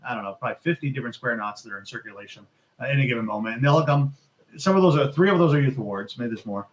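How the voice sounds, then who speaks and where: A man talks quickly at a mid pitch in a brisk, explanatory way. He lays out the details as a scout leader in a casual chat. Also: expressive, slight background noise, poor audio.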